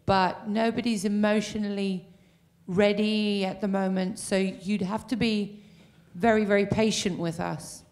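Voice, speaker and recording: A woman in the audience speaking up as a local resident, heartfelt and halting, with pauses and fillers. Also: medium pitch, steady tone, darkish tone. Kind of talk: question from the floor.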